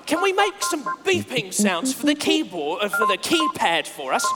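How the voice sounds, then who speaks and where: A man's voice: sits high, huge pitch swings, moderate pace. A man presenting a children's make-believe adventure, coaxing and chatty as he invites the audience to join in. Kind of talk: playful make-believe for kids. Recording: reverberant room with music.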